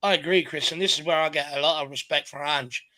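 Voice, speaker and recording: Bright-voiced Irish man hosting fan chat. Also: fairly high pitch, steady tone, quick pace, no echo. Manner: earnest, repeats words as he builds points. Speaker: host. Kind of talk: casual football chat.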